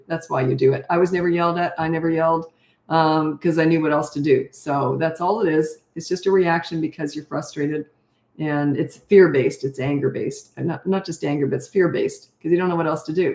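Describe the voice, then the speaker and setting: A woman's voice: low-pitched, brisk, darkish tone. An older woman who coaches parents, giving blunt, matter-of-fact advice in a casual question-and-answer talk and laughing often. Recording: roomy echo.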